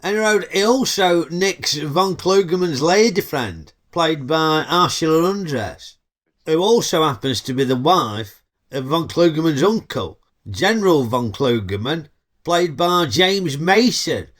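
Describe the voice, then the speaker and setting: A man's voice: fairly high pitch, expressive, measured pace, a bit bright. A middle-aged man with a Yorkshire accent, hosting a chatty, cheeky comedic film review full of dialect banter. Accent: Northern English, Yorkshire.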